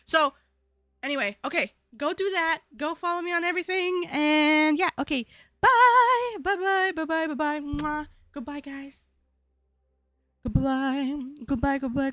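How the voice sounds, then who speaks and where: A woman's voice: sits high, bright, forceful tone, dry recording. A young woman streamer chatting casually at the end of a stream, rambling and repeating herself as she talks to her chat.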